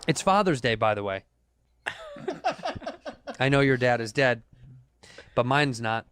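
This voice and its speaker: A man co-hosting a comedy podcast, teasing the others and telling deadpan jokes. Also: mid-range voice, slow pace. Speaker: podcast co-host. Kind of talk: casual comedic banter.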